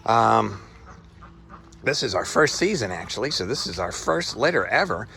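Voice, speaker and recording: Gravelly, lively-voiced man on a casual tour. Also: mid-range voice, slight background noise. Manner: rambling, folksy, thinks aloud. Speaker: backyard rabbit raiser giving a tour. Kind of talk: casual walk-through vlog. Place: outdoor tent beside rabbit cages.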